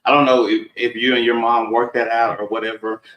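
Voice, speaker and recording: A man's voice: medium pitch, flat delivery, brisk, fairly bright tone, reverberant, recorded from a distance, rough recording. A man from Texas with a Southern accent, chatting casually and rambling as co-host of a live discussion. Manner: rambling, conversational, laughs often.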